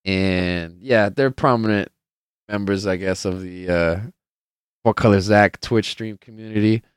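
A man's voice: on the low side, a little slow, smooth, no room sound, clean studio sound. A young man hosting a podcast, chatting casually in a rambling, profane way with lots of filler words and acting out the people in his stories. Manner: loose storyteller who plays out the people in his stories. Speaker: podcast host. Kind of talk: casual chat.

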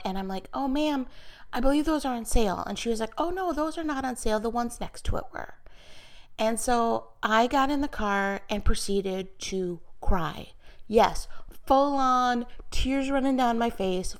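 A middle-aged woman telling a personal story in a chatty, candid way, with light self-mockery, as she shares a faith-based reflection. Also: a little high. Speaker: mother sharing a personal story. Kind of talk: casual faith-based vlog talk.

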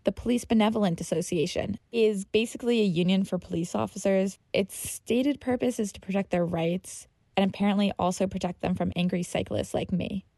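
A woman's voice: mid-range voice, brisk, creaky, hardly any pauses, dark tone, no room sound. A woman reading a personal story aloud, with vivid, dramatic delivery.

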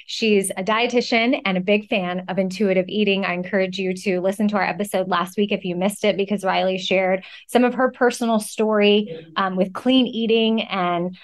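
A woman's voice: mid-range voice, steady tone, moderate pace. Upbeat woman hosting a podcast. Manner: warm, enthusiastic, complimentary. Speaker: podcast host. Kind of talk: casual interview chat.

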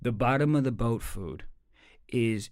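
A man's voice: medium pitch, measured pace, darkish tone, a little hiss or hum. A man who works as a comedian, telling a story in a casual chat with frequent restarts.

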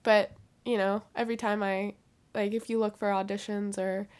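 A woman's voice: medium pitch, flat delivery, moderate pace, darkish tone, clear, resonant tone. A young woman, a guest actress, chatting casually and agreeably, laughing often. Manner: agreeable, laughs often, many short replies. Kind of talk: casual chat.

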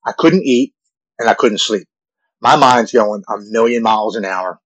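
Earnest man in his forties, low voice. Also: a bit bright, no echo, rough recording. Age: 40s. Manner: earnest, halting, repeats words when moved. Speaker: guest telling his recovery story. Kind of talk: emotional personal storytelling.

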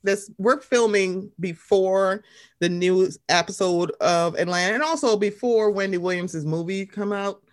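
A woman's voice: medium pitch, unhurried. A young woman hosting a casual chat show, talking animatedly and acting out quotes in different voices. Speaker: podcast host.

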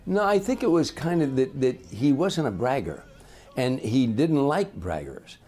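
An older man, a comedian, telling lively anecdotes in an interview and acting out the people in them. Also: medium pitch, measured pace, husky. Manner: animated raconteur, acts out voices. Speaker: comedian guest.

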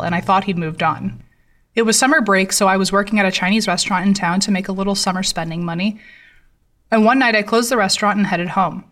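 Woman, narrator, true horror story, somber, bright tone, set back from the mic. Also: mid-range voice, far from the mic.

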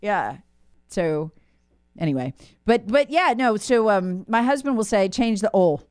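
A woman's voice: mid-range voice, sing-song, unhurried, darkish tone, clear, resonant tone, no room sound, clean studio sound. A woman co-hosting a radio talk show, chatting playfully and reading listener texts aloud. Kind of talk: casual radio chat.

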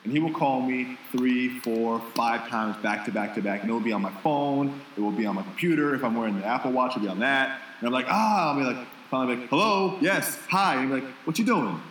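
A man's voice: mid-range voice, fast, few pauses, a bit bright, roomy sound, far from the mic, slight background noise, low-quality recording. A man co-hosting a casual podcast, telling a long candid story with self-deprecating asides.

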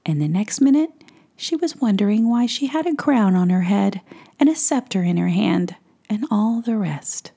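A woman telling a fairy tale in a soft, hushed whisper as storyteller. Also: medium pitch, animated, moderate pace, gravelly, breathy edge.

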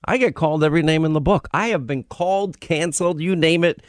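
A man's voice: fairly high pitch, quick pace, dry recording, clean studio sound. A man hosting a talk radio show, speaking emphatically and repeating his points for effect. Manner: emphatic, repeats key phrases.

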